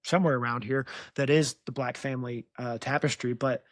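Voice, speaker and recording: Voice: mid-range voice, steady tone, brisk, no room sound, studio quality. A podcast host retelling a book in casual chat, teasing the guest and laughing often.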